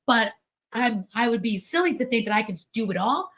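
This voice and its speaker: A fairly high-voiced woman speaks to an online business audience over a video call. Her motivational talk is lively and chatty, and she slips into little voices whenever she quotes someone. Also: brisk. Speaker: guest speaker at a business event.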